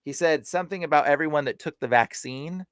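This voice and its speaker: A man's voice: a little high, brisk, clear, resonant tone, no echo, clean studio sound. A man who is a podcast guest and deliverance minister, telling stories casually and animatedly, acting out the people he quotes. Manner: animated, retells stories with quoted voices and laughs. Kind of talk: casual storytelling.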